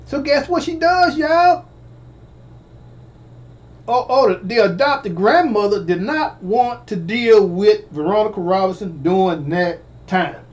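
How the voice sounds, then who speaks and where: A man's voice: high voice, animated, a little slow, a little mellow, muffled recording. A man telling a personal story in a casual way, stammering, repeating phrases and calling out to his listeners. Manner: stammering, repetitive, addresses audience directly. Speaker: storyteller vlogger.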